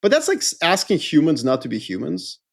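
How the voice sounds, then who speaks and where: Animated man, jumping high in pitch. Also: fairly quick, gravelly. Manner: animated, rambling, jokey. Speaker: podcast co-host. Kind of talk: casual chat.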